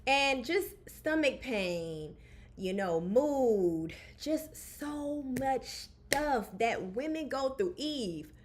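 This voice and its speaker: A woman's voice: high voice, expressive, extremely slow. Chatty woman host on a video call. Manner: candid, chatty, calls guest "girl". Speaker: podcast host. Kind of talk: casual chat.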